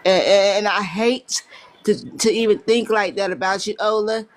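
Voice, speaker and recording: Brief: woman, mid-pitched, confrontational panel voice, stammers in a heated debate. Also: fairly even intonation, normal speed. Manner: confrontational, stammers while speaking. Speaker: live panel speaker. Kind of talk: heated live-stream debate.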